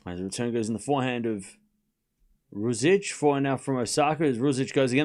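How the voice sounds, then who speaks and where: A man hosting a live tennis watchalong stream, calling points in quick bursts and chatting with viewers, often stumbling over player names. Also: mid-range voice, darkish tone. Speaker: livestream tennis watchalong host. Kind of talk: live play-by-play commentary mixed with casual chat.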